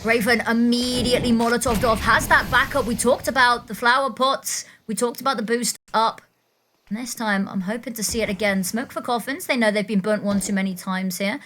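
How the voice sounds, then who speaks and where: A woman with a British accent casting a live esports match, mixing playful banter with quick play-by-play. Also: a little high, fairly bright tone, slight background noise. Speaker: esports caster.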